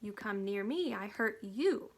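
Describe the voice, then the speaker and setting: Tiny defiant warrior man, put on by a woman reader, growls slow clipped threats. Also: mid-range voice, lively intonation. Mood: warning. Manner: slow clipped grunting speech.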